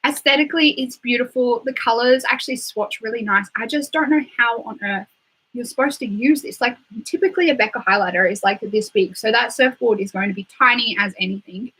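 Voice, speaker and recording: A woman's voice: a little high, fairly quick, fairly bright tone, breathy edge, rough recording. A young Australian woman chatting casually on a live stream, filling her talk with "like" and "um". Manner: chatty, full of "like" and "um" fillers. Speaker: beauty livestreamer.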